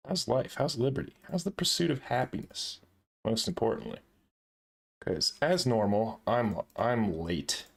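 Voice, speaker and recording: A man's voice: mid-range voice, very animated, moderate pace, creaky, breathy edge. A man hosting a casual live stream, laughing often and swearing lightly while he sets things up and talks to his chat.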